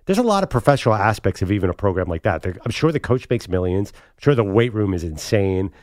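A man in a studio debate on a sports show argues quickly and emphatically, his voice sitting low. The sound is dry and close, with no room around it. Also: lively intonation, darkish tone, no room sound. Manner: fast, emphatic, argumentative. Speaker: sports talk co-host. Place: studio set.

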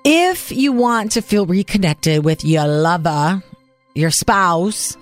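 A woman's voice: fairly low pitch, animated, takes it slowly. Woman radio host telling a personal story, earnest, bit of music in the back. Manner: earnest and personal, recounting at length. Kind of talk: casual radio chat.

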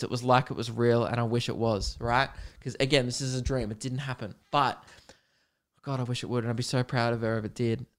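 Chatty young man, smooth voice. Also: medium pitch. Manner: rambling, chatty storytelling with frequent fillers and swearing. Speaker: podcast host. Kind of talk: casual solo podcast chat.

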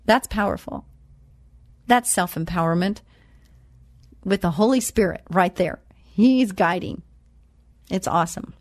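A woman giving a motivational talk. She quotes scripture slowly and with emphasis, then chats about her own life. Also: on the low side, dry recording, studio quality. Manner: chatty and personal, tells anecdotes. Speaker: self-empowerment speaker.

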